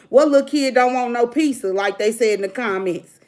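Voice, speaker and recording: A woman's voice: on the high side, fairly quick, a little mellow. Blunt preachy woman ranting to viewers. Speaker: livestream host. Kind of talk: casual livestream rant.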